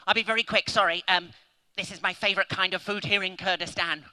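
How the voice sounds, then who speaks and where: A man performing a comedy magic act on stage at an awards event, goofy and excitable, with whoops and sudden shouts. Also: sits high, quick pace, clear, resonant tone.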